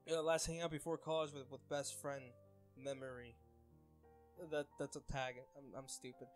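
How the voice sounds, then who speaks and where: A man's voice: mid-range voice, steady tone, moderate pace, faint music behind. A young man reading fan comments aloud in casual chat, laughing often and getting flustered over names.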